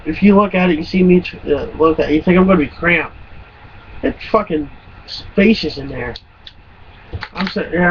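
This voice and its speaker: A man around twenty telling stories in a casual, rambling and profane way, often laughing. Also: on the high side. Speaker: vlogger. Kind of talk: casual storytelling. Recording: muffled lo-fi recording with faint hum.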